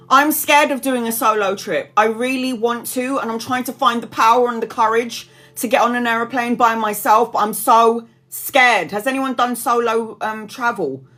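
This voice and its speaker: A woman's voice: on the high side, normal speed, fairly bright tone. A woman in her forties, a tarot reader chatting casually to viewers on a live stream, rambling, laughing often and reading out comments.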